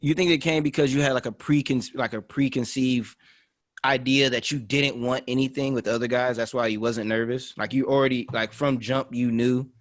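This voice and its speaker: A man's voice: mid-range voice, fairly even intonation, normal speed, dry recording, studio quality. A young man on a podcast panel arguing earnestly, repeating phrases for emphasis. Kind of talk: casual debate chat.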